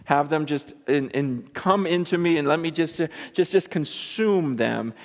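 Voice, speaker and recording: A man preaching a sermon in a lively, animated way, acting out quotes and building to loud, excited peaks. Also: a little high, a little slow, hardly any pauses. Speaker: pastor. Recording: long reverb of a large hall.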